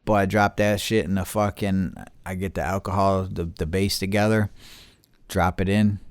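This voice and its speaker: Low-ish voiced dude swearing nonstop through a rambling rant, dry close sound. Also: male voice, fairly even intonation, normal speed, smooth, dry recording. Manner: profane, heated and rambling. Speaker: podcast host. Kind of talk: casual storytelling.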